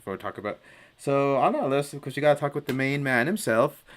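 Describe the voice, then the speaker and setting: A man's voice: medium pitch, fairly bright tone. A man hosting a casual podcast chat, rambling and laughing at his own jokes. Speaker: podcast host.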